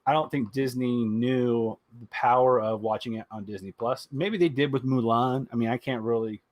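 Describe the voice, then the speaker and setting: Animated man hosting a gaming podcast. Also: normal speed, dry recording. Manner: animated, swears freely and jumps into high mocking voices for bits. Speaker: podcast host. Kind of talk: casual chat.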